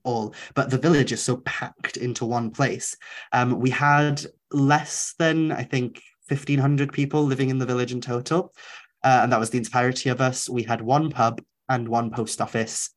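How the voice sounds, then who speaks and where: A man in his twenties from North Wales, a Welsh speaker with a softened Welsh accent often heard as English, talking earnestly and thoughtfully as an interview guest, with many fillers. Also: medium pitch, steady tone, moderate pace. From North Wales, Isle of Anglesey. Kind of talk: reflective conversational interview.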